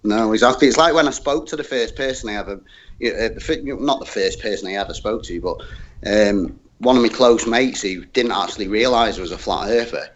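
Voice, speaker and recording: A man's voice: lowish voice, a little fast, dull audio. A man chatting bluntly on an online panel, saying "mate" constantly. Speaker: panel guest. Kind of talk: casual online panel chat.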